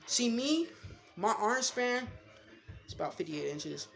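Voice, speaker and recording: A man's voice: very high voice, very animated, slow, vocal fry, long pauses, a bit bright. A young man in his late teens telling rambling, profane, slangy stories in a casual vlog from his bedroom. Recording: echoey room with music behind.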